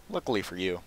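A man's voice: deep voice, rough recording. A young man giving casual, sarcastic commentary while playing a shooter game, often exasperated and mocking himself. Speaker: gaming commentator.

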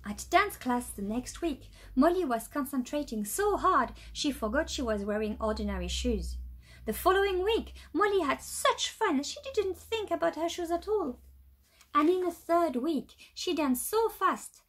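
A woman teacher reading a children's storybook aloud, with a light British accent, in a lively storytelling way. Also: high-pitched, unhurried. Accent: British English.

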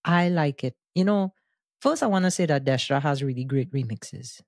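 A man hosting a music podcast, explaining his views with animated enthusiasm in casual discussion. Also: fairly high pitch, moderate pace, no room sound, clean studio sound. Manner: animated, enthusiastic explainer who breaks into sung bits. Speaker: podcast host.

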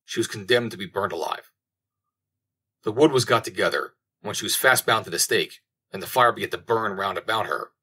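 Low, husky male storyteller. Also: sharp tone. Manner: measured storytelling reading. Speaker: audiobook narrator. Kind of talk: scripted fairy-tale narration. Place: home recording.

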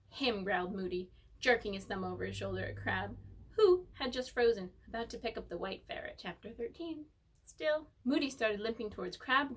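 A young woman with a slightly high voice reads passages aloud and keeps breaking off for playful, chatty comments. She sits a little back from the microphone in a room at home. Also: distant mic, poor audio. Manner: playful, chatty asides between read passages. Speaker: pet vlogger reading aloud. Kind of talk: casual chat and book reading.

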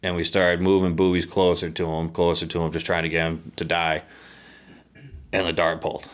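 A low-pitched man from the northeastern United States recounts a harpooning trip in casual podcast chat. He swears freely and turns animated when he tells the story. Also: moderate pace. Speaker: podcast guest, harpoon fisherman. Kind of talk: casual storytelling over beers.

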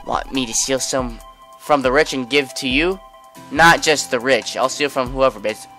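A young man voicing a sly thief in a low, hushed tone. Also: moderate pace, soft background music, lightly acted.

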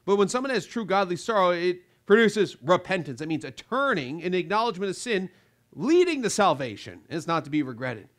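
A man pastor preaching an emphatic sermon, swinging between loud rebukes and quiet asides, acting out the voices of his listeners. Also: high-pitched, sing-song, brisk. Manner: acts out quoted voices of listeners.

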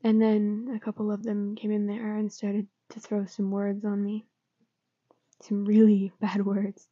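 A woman's voice: medium pitch, monotone, unhurried, dark tone, dry recording, dull audio, close to an everyday voice. A woman voicing a shaky, upset teenage boy who mumbles and often whispers, in a whispered role-play. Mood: subdued.

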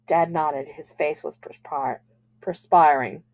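Woman reading a novel aloud, calm. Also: deep voice. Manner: calm, measured narration.

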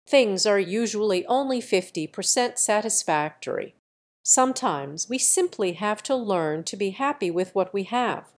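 A woman reading the part of a brash, easygoing young male martial hero who talks in a calm, lecturing, self-assured way. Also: medium pitch, normal speed, close to an everyday voice.

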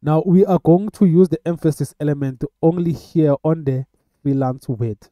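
A man teaching web coding in a screen-recorded tutorial, talking in a halting way with many filler sounds. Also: on the high side, warm tone, no echo. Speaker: coding instructor.

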